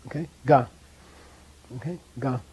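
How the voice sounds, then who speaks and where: A man's voice: medium pitch, unhurried, a little mellow, husky, no room sound. A man teaching a language class in a classroom, chatty, often checking in with "okay?" and drilling pronunciation.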